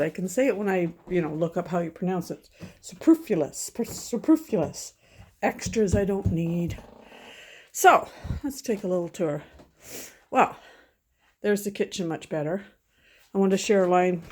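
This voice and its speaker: A woman vlogging from her home in a loose, chatty way, wandering off track and circling back mid-sentence. Her voice sits a little lower than most women's. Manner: chatty, rambling, frequent self-corrections and laughs. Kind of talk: casual chat to camera.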